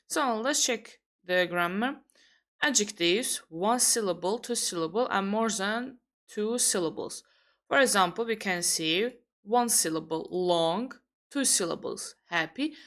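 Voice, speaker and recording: A young woman from Azerbaijan teaches English grammar in an online lesson. She talks at an unhurried, measured pace. She pauses often and corrects herself as she explains. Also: medium pitch, a bit bright.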